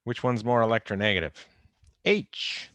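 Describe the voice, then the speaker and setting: On a video call, a close computer mic captures a chemistry instructor with a lowish, animated voice speaking a little slowly, with no echo. He's informal and wry, going over the exam answers and talking right to his students.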